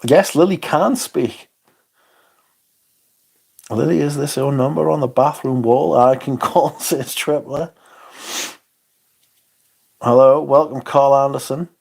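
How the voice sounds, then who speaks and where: A man hosting a livestream chats casually and rambles through viewer comments, chuckling often and swearing now and then. His medium-pitched voice is slow, a little mellow and slightly rough, with vocal fry and frequent pauses.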